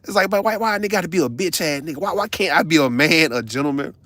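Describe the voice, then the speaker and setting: A man, ranting on a casual livestream in a blunt, profane, animated storytelling way. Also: a little high, quick pace, no echo. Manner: blunt, confrontational.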